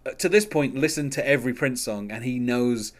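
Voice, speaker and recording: A man's voice: medium pitch, a little fast. A man hosting a casual music podcast, rambling with many fillers and restarts and laughing often. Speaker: podcast host.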